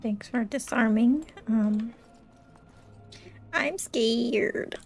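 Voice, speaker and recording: A woman's voice: a little high, very slow, faint music behind. A young adult woman casually commenting on her gameplay, playful and jokey, acting dramatically scared. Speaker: gaming streamer.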